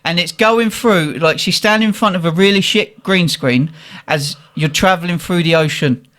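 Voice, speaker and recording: A young man, animated and swearing as he tells a funny story in casual chat. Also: high-pitched, moderate pace. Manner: animated, swearing, laughing at his own story. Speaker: guest telling a story.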